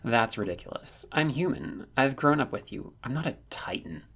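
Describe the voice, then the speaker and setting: A man voicing a confused, eager young male soldier who fires off questions, with a husky voice. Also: mid-range voice, expressive, a bit bright, pitched above the performer's own voice. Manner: bewildered, rapid-fire questioning.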